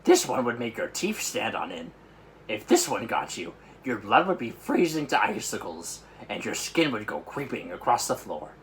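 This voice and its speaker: A man doing a booming big friendly giant. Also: sing-song, moderate pace, slight background noise. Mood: agitated. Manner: jumbled grammar and made-up words, loud outbursts. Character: big friendly giant, old, huge, excitable.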